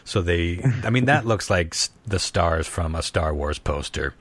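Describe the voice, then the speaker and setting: Animated, laughing man hosting a podcast. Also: deep voice, a little slow, dry recording. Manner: laughs often, swears freely, animated. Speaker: podcast host. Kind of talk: casual podcast chat.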